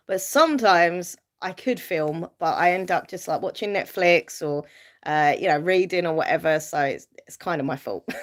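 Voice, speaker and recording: A woman casually chatting on a live stream, reading viewer comments aloud and answering them, rambling with fillers and light laughs. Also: on the low side. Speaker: YouTuber hosting a live stream.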